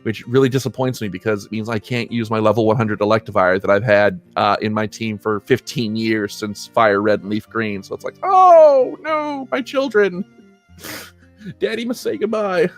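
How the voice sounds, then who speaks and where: A man's voice: fairly low pitch, little pitch movement, fairly quick, hardly any pauses, soft background music. Rambling laid-back male podcast host. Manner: rambling, self-correcting, laughs often. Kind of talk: casual chat.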